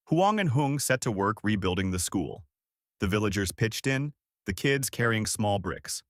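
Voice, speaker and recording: A man narrating a story in a measured, solemn way. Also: lowish voice, animated, dry recording, clean studio sound.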